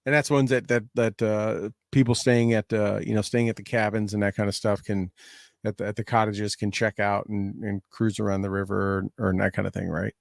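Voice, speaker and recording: A man's voice: on the low side, little pitch movement, fairly quick, creaky, no room sound, clean studio sound. A man hosting a podcast interview, encouraging and prone to repeating words as he asks questions. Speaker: podcast host. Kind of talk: casual interview chat.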